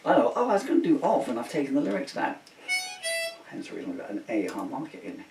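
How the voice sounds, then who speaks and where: Over music, a gravelly-voiced man from the United Kingdom, a singer-songwriter, talks fast in a casual, joking monologue at home, chuckling and drifting off topic. His medium pitch swings widely. A distant mic picks up a roomy sound with faint hiss.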